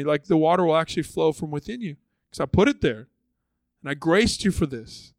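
Conversational pastor, slightly high and dry. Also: male voice, animated, fairly quick, dry recording. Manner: conversational, acts out voices of biblical figures. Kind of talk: sermon.

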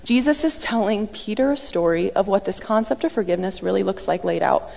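A woman preaching a sermon in a lively, conversational way, often acting out what people said. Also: medium pitch, a little fast, creaky. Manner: animated, conversational, acts out quotes. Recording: long reverb from a large hall.

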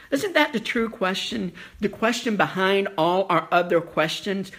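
A male pastor preaches slowly and deliberately. His high voice sounds bright and forceful. He tells stories earnestly and poses rhetorical questions. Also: expressive. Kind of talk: sermon.

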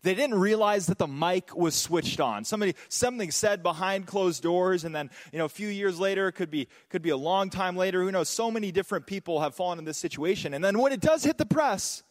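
Animated joking male preacher. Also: sits high, fairly quick, few pauses, in a large hall. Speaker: pastor. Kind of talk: sermon.

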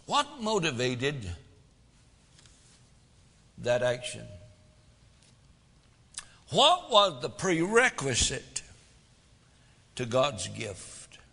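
A man's voice: medium pitch, wildly swooping pitch, drawn-out words, creaky, long pauses, sharp tone, breathy edge, big-room sound. A man preaching a sermon as pastor, folksy, full of rhetorical questions, swelling and dropping for drama.

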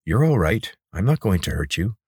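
A man voicing a brave young woman who gently soothes a huge beast in a storybook reading. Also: low-pitched, very animated, moderate pace, breathy edge, no room sound, studio quality, heavily acted. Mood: gentle. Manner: soft, gentle and reassuring.

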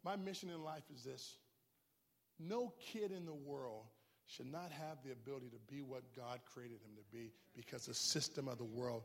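A man preaching a sermon in a church, impassioned, swinging from quiet talk to shouting. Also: mid-range voice, moderate pace, gravelly, in a large hall.

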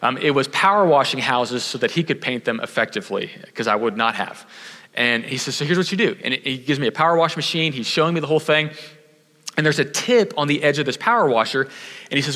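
A man's voice: medium pitch, animated, fast talker, pushed and bright, big-room sound. A man from Houston preaching a sermon, telling a self-deprecating story and acting out the voices of the people in it. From Houston, Texas. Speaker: pastor.

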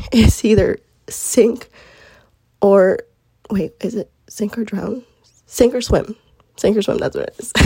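A woman's voice: mid-range voice, vocal fry, warm tone, slightly rough, no echo. A young woman hosting a casual solo podcast, earnest and chatty, her voice groggy as if she's sick. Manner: earnest, chatty, lots of fillers. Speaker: podcast host.

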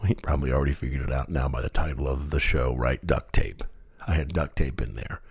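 A man with a low, husky voice tells a story from his past on his podcast. He speaks in an animated way, chuckling at his own mishaps as he goes. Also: a little fast. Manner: animated storyteller, laughs at himself. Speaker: podcast host. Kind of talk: storytelling monologue.

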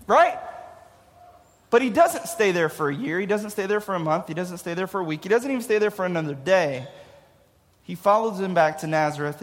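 A man gives a casual, joking youth sermon and laughs at his own jokes. His voice is high, and it rings out with a long hall reverb. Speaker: youth pastor.

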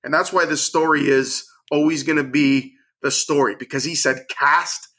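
A middle-aged man, a chef and angler, telling a story with energy and acting out what people said in lively bursts. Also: a little high, moderate pace. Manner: acts out quotes in lively bursts. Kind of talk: animated storytelling.

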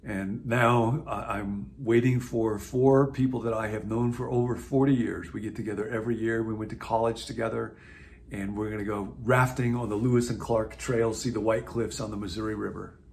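A man in his sixties from the US Midwest, a pastor talking reflectively to camera in a video series with a conversational, musing manner and gentle asides. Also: lowish voice, fairly even intonation, moderate pace, creaky, a little hiss or hum. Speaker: pastor and teacher.

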